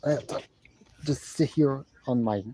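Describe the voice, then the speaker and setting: A man casually reviewing a wrestling show from his love seat at home, rambling and repeating himself while he clears a congested throat. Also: medium pitch, a little slow, mellow, a little hiss or hum. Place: living room at home, seated on a love seat. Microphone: camera in front of him.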